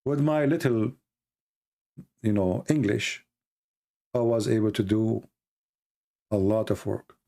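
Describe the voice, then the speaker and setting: Gravelly low-toned guy, broken non-native english, livestream host ranting, lots of "you know", gets heated and high. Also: slow, long pauses, dark tone. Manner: emphatic, grows heated and high-pitched when mocking critics; frequent "you know" and repeated words. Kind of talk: casual spoken monologue.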